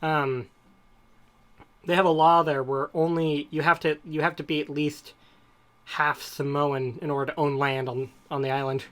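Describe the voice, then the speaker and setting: A man's voice: fairly high pitch, little pitch movement, normal speed, fairly bright tone. A man co-hosting a podcast, chatting casually and rambling from one topic to the next. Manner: rambling, digressive storytelling. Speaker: podcast co-host. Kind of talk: casual chat.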